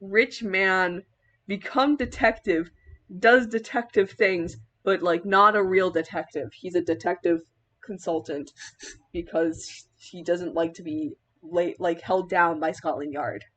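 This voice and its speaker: A woman's voice: on the low side, fairly even intonation, unhurried, fairly bright tone. A young woman chatting casually in a vlog while styling a cosplay wig, rambling with many filler words and laughing mid-sentence.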